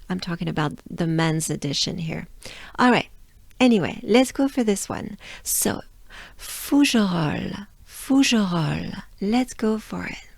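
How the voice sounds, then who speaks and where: A French woman coaches pronunciation in her own accent, drawing out sounds at an unhurried pace. Her voice is a little tired, and it sits close and dry in the recording. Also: fairly low pitch, gravelly, no echo. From France. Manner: drills sounds slowly with repetition. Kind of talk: pronunciation lesson.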